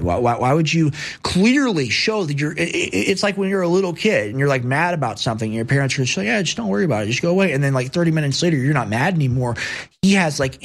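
A man hosting a political commentary show, combative and mocking as he reads posts and answers them. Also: fairly high pitch. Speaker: show host.

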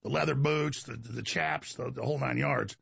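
With fairly even intonation and a fairly quick pace, the Texas talk show host's mid-range voice comes across gravelly, husky and fairly bright, with no room sound. His Texan-accented monologue is combative and digressive, aimed at listeners he calls folks.

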